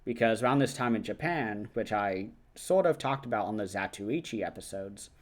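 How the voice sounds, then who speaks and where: A man with a slightly low voice talks through a film's plot in a casual, rambling way. He fills pauses with frequent ums and likes, and drops into quick impressions of the characters' lines. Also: animated. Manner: loose, chatty retelling with many fillers. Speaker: film review channel host. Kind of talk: casual film recap and review.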